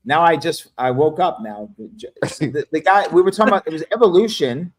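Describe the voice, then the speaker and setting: A man's voice: fairly high pitch, brisk. Swearing, rambling man. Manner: rambling, swears a lot, laughs at his own stories. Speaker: livestream panel guest. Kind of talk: casual profane chat.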